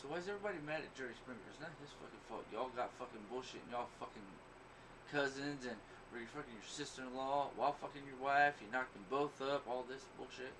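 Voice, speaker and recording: A man's voice: medium pitch, fast talker. A man hosting a crude, casual podcast chat, telling blunt, profane, boastful stories. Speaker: podcast host. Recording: distant mic, noisy background.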